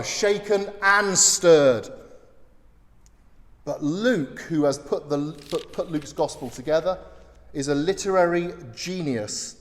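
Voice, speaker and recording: Male British pastor, higher voice, animated sermon, echoey church hall. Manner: storytelling with sudden loud exclamations.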